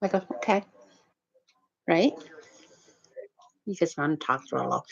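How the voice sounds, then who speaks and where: A woman's voice: on the low side, lively intonation, normal speed, gravelly, pauses often, husky. A woman who retells an everyday run-in in a rambling, repetitive, indignant way. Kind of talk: rambling storytelling to camera. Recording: dull lo-fi recording.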